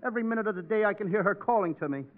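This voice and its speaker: A male comedian with an excitable, whiny, childlike manner, performing in a 1940s radio comedy. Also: high-pitched, rapid-fire, phone-quality sound. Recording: hissy 1940s radio recording.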